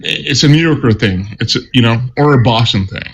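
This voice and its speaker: A man arguing on a live stream panel, halting and defensive, often restarting his sentences. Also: mid-range voice, creaky, a bit bright, rough recording. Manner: halting, repeats "dude" and restarts under pressure. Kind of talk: heated political debate. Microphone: phone on a live stream.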